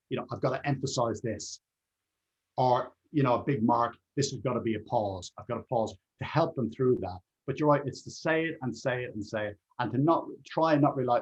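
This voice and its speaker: A man's voice: mid-range voice, slightly rough, dull audio. A man being interviewed as a presentation skills trainer, answering in an earnest conversational way and repeating key words for emphasis.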